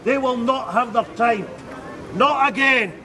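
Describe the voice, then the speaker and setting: A man's voice: extremely high pitch, unhurried. A middle-aged man making a rousing, defiant speech at an outdoor counter-protest. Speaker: rally speaker. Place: outdoors on a city street. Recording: street noise and a crowd around.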